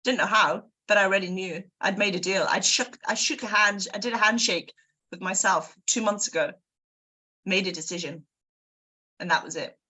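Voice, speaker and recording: Bright, husky-voiced woman hosting. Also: mid-range voice, moderate pace. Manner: energetic, addresses listeners directly. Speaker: book club host. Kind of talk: motivational group talk.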